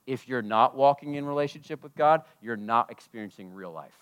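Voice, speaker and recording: A man preaching a sermon at a church service, impassioned, swinging between loud declarations and hushed asides. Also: mid-range voice, animated, brisk, clear, resonant tone. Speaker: pastor.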